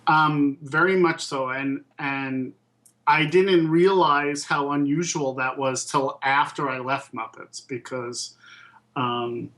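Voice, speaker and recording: His voice is mid-range and fairly bright, captured on a low-quality recording. The speaker, a puppet and toy designer in his fifties, recounts stories during a casual interview, thoughtfully and with many ums and false starts.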